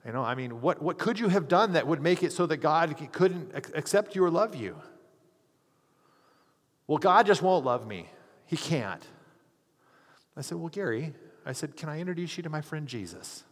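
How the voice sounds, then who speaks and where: A man's voice: on the high side, very animated, brisk, hardly any pauses. A hospital chaplain telling a story in a sermon, earnestly acting out the people he quotes. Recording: long hall reverb.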